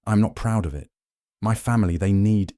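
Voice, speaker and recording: A man's voice: fairly low pitch, normal speed, warm tone, no echo, clean studio sound, voice pushed up, close to an everyday voice. A man voicing a jittery train conductor. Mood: fearful. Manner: hesitant, anxious pleading. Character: nervous, frightened male train conductor.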